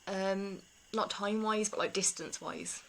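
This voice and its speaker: A woman talking candidly to camera in a rambling, confiding way, laughing softly between thoughts. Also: medium pitch, steady tone, normal speed, gravelly, a little hiss or hum, rough recording. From England. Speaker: vlogger. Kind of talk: casual talk to camera.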